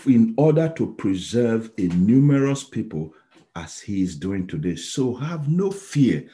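A man from Nigeria preaching a sermon, telling a story with sudden loud exclaims and soft pleading passages. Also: fairly low pitch, very animated, measured pace.

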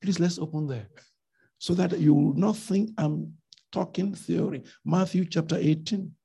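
Gravelly, husky preacher man. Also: on the high side, a little slow. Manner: emphatic, rhetorical questions, swings loud and soft. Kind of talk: sermon.

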